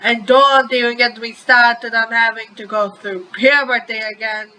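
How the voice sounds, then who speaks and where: A woman's voice: a little high, fairly even intonation, a little slow, sharp tone, a little hiss or hum, rough recording. A woman reading aloud and voicing a grumpy, foul-mouthed young man who gripes in bursts. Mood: grumbling. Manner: griping, swearing bursts.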